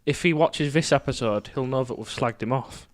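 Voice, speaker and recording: A man's voice: mid-range voice, moderate pace. A man co-hosting a casual podcast, adding short, wry remarks. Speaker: podcast co-host. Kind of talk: casual chat.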